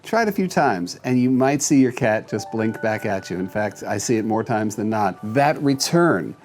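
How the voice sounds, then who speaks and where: A man's voice: lowish voice, animated, normal speed, a little mellow, faint music behind. A man hosting a casual video, explaining cat care to the camera in a chatty, demonstrative way with loose restarts. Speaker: host giving cat-care advice. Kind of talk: casual instructional talk to camera.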